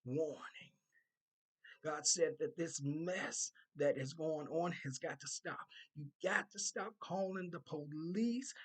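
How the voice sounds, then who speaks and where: Prophetic warning, slow deliberate pace, husky tone, repetitive emphatic phrasing. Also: mid-range voice. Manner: slow, repetitive, emphatic delivery relaying God's words. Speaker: content creator delivering a prophetic word.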